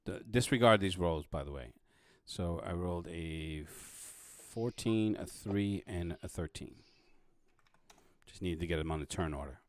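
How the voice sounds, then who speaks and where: A man running a tabletop game as game master, casual and halting, with lots of fillers and restarts. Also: low voice, dry recording.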